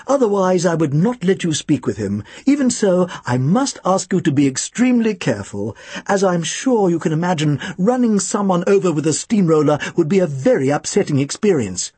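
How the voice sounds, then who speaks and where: A precise, earnest asylum doctor, acted by a man, measured and formal in every warning. The voice is raised and husky, with an animated rise and fall. The sound is close and dry. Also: high voice, no echo, exaggerated voice. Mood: earnest cautious. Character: formal, cautious male asylum doctor, protective of his patient.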